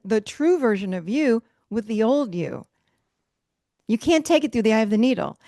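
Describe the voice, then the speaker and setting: Woman coach, middle-aged, emphatic and lively, fairly high voice, dry close sound. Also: dry recording. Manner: emphatic, animated, laughs often. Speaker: coach leading a virtual mastermind. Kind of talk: live motivational teaching.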